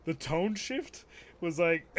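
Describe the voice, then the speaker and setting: A man's voice: sits high, animated, slow, a bit bright, a little hiss or hum. A young man streaming, telling rambling, profane stories and laughing at his own jokes. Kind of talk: casual storytelling.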